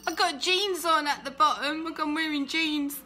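A woman chatting casually to viewers on a live phone video from home, emotional and quick to laugh, a little out of breath. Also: high-pitched, bright, forceful tone, soft background music. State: slightly out of breath. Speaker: Christian vlogger.

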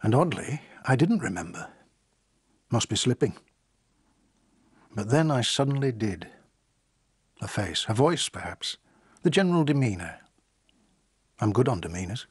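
Dry-witted divorce lawyer guy, husky, voice goes up and down a lot. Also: mid-range voice, big pitch swings, full character voice. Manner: measured, wry, formal. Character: weary, dry-witted male divorce solicitor. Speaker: solicitor. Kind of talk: radio drama with narration.

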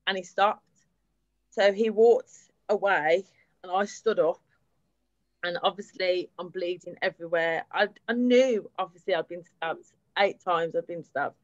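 Unhurried and pausing at length, a woman with a lowish voice gives candid testimony about her own experience at a public event, steady and sprinkled with fillers. There's no room sound, and the highs are cut off.

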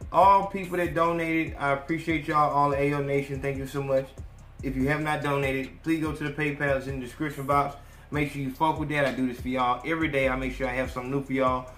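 A man's voice: medium pitch, fairly bright tone, echoey room. A man hosting a podcast in a loose, profane, direct monologue. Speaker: podcast host. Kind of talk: casual monologue.

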